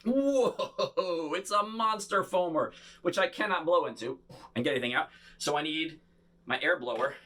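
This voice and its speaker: A man performing a bubble show for children, talking to them in playful, animated patter. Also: on the high side, normal speed. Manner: animated, playful, talks straight to kids.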